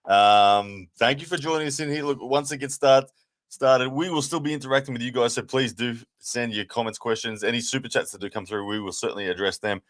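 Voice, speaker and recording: A man's voice: medium pitch, fairly quick. A man hosting a late-night live watch party stream, chatting casually and thanking viewers, tired. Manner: upbeat, thanks viewers often.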